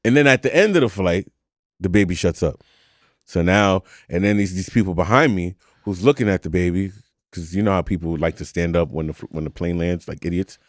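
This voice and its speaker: A man co-hosting a podcast, chatting casually in an animated, profane rant with frequent laughter. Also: sits low, fairly quick, no room sound, studio quality. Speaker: podcast co-host. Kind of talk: casual chat.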